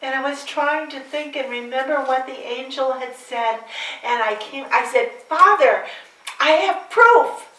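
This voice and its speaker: A woman's voice: high voice, level tone, moderate pace, fairly bright tone, far from the mic. A woman playing an older Mary, wry and chatty, echoey room. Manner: chatty, wry asides to the audience. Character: aged Virgin Mary, wry, homespun storyteller. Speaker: one-woman stage performer. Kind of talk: live character monologue.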